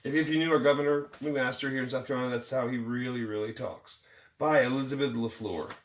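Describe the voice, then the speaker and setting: A man's voice: medium pitch, fairly even intonation, quick pace. Sarcastic man ranting, roomy sound. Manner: mocking, irritated, jokey asides. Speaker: vlogger. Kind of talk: sarcastic news commentary rant. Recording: roomy, distant from the mic.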